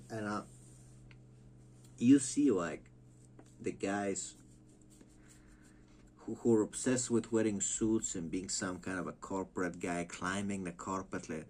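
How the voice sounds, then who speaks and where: A man's voice: low-pitched, takes it slowly, pauses often, a little mellow, a little hiss or hum. A man ranting casually and profanely as a wrestling vlogger, rambling and mocking. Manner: rambling, mocking, lots of filler and restarts.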